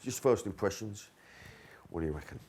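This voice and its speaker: A man's voice: low-pitched, lively intonation, brisk, noisy background. A man in his thirties with a Cockney accent, presenting on location, joking and swearing freely. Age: 30s. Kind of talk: on-location banter.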